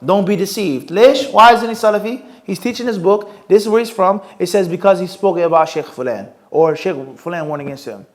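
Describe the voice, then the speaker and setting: A man with a high voice, giving a live religious lesson and answering questions. He quizzes his listeners with rhetorical questions and drops Arabic phrases into his English. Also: brisk, few pauses. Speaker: Islamic teacher. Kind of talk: live Q&A lecture.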